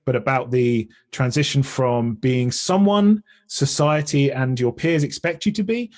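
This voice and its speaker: A man's voice: medium pitch, lively intonation, a little slow, a little mellow. Chatty Englishman in a casual interview. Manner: chatty, earnest, restarts often while thinking. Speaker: podcast guest, comedian and streamer.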